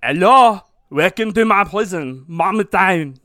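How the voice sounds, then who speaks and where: A man voicing a pompous Roman prison prefect with a put-on French accent, mocking it loudly. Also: high-pitched, animated, unhurried, no room sound, studio quality, heavily acted. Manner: loud, mocking, over-the-top.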